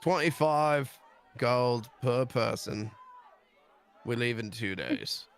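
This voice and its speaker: A weathered, no-nonsense old sailor who barks short demands and sneers at his passengers, voiced by a man. His voice is gravelly but clean, with a drawn-out, unhurried delivery. It's a tabletop role-play game captain. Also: mid-range voice, animated, a faint crowd. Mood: curt. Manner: curt and rude.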